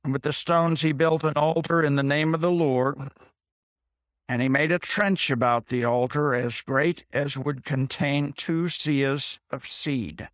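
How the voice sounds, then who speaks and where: This preacher's voice is fairly high and a bit bright, with fairly even intonation, recorded dry and clean in a studio. He reads a Bible passage slowly, halting to explain it in everyday terms, restating points and asking "okay?".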